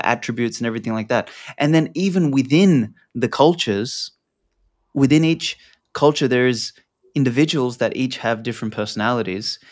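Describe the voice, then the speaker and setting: A man talking as an interview guest, loose and rambling, with lots of fillers and casual swearing. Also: mid-range voice. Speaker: podcast guest.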